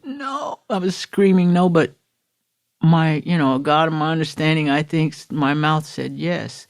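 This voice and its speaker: A woman's voice: low-pitched, steady tone, moderate pace. Earnest middle-aged woman telling her story. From Florida, USA. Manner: earnest, emotional storytelling with acted-out quotes. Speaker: podcast guest. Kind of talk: personal recovery testimony.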